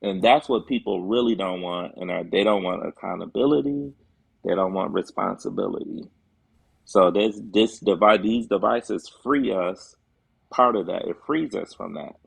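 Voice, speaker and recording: A man's voice: deep voice, moderate pace, vocal fry, husky, no room sound. A man speaking as a guest on a talk show, earnest and emphatic, with frequent fillers. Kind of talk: casual chat.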